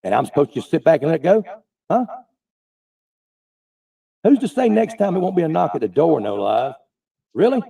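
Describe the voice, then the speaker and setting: A man's voice: a little high, big pitch swings, normal speed, vocal fry, long pauses, warm tone, recorded from a distance. An angry man ranting profanely in defense of himself on a livestream. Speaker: online streamer defending himself.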